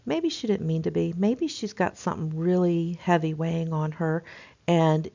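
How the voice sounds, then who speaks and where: A woman's voice: lowish voice, moderate pace, vocal fry, mellow, dull audio. A middle-aged woman nursing instructor giving a recorded lecture in a conversational, emphatic way, with frequent fillers.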